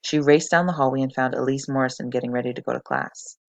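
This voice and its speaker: Teacher, read-aloud storytelling, slight vocal fry, dry close sound. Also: medium pitch, quick pace, no echo. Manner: steady, expressive read-aloud. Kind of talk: reading a novel aloud for a class.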